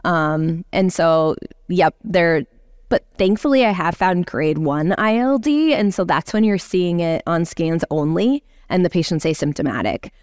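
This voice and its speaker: A woman oncology clinician on a medical panel, explaining treatment step by step in a measured way with frequent fillers. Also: on the low side, animated, a little mellow, smooth, no echo, studio quality. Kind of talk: continuing-education panel discussion.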